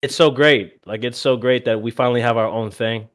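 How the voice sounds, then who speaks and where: A man's voice: medium pitch, brisk. A young man from Milwaukee co-hosting a podcast, chatting casually, swearing a lot and laughing often. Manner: profane, animated, laughs often. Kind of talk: casual chat.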